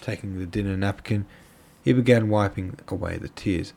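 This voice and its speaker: A man's voice: lowish voice, normal speed, creaky, darkish tone. A tired man casually reading a book aloud, stumbling over names now and then. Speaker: audiobook reader.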